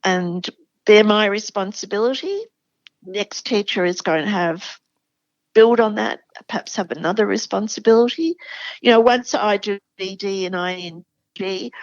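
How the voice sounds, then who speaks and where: A muffled recording without room sound captures the Australian literacy educator at a moderate pace in a mid-range voice. As a show regular, she's explaining classroom spelling with enthusiasm in a conversational interview.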